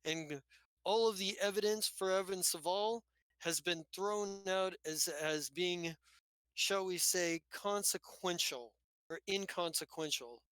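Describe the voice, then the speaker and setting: A man playing a stern middle-aged father who runs a business and talks down to his grown child, lecturing in a patronizing way. The voice is bright and pushes forward. It is recorded close on a dry mic. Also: high-pitched, slow pace, smooth, dry recording, rough recording. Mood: smooth, patronizing. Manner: lecturing, condescending.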